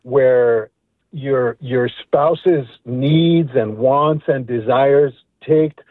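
Middle-aged male caller: phone-line sound, earnest, halting and reflective. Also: medium pitch, dry recording. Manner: earnest, reflective, repeats words as he thinks. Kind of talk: phone call to a radio show.

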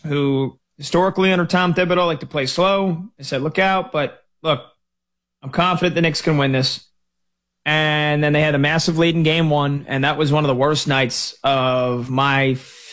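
A male sports radio host talks into a studio microphone in a somewhat high voice. He rants in an animated, exasperated way. The delivery is loose and conversational.

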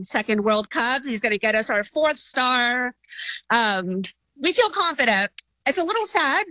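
A woman who runs a restaurant, talking in an interview about a match she watched, excited and gushing, quick to laugh. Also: on the high side, no room sound. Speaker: restaurant owner and football fan. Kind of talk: phone interview.

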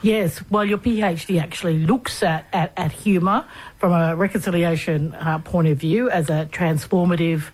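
A woman interviewer who asks questions hesitantly, pausing and searching for words. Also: lowish voice, steady tone, darkish tone, poor audio.

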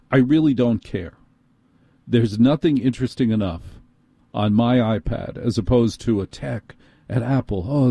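A man's voice: medium pitch, mellow, husky, no echo. A middle-aged man with a New York accent hosting talk radio, telling a long, exasperated story with sardonic asides. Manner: sardonic, exasperated, quick bursts. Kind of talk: ranting storytelling monologue.

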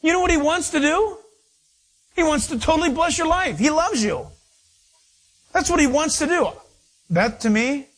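A middle-aged man preaching a sermon in an animated, storytelling style. His voice sits notably high and has a husky, slightly breathy grain. He tells his stories playfully, with asides to the congregation. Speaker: pastor.

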